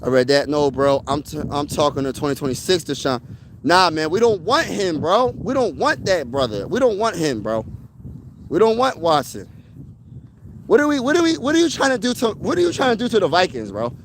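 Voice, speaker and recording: A man hosting a casual sports talk stream outdoors, answering his chat in an excitable, slangy way and repeating himself for emphasis. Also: on the high side, brisk, a little hiss or hum, rough recording. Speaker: sports channel host. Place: outdoors, windy.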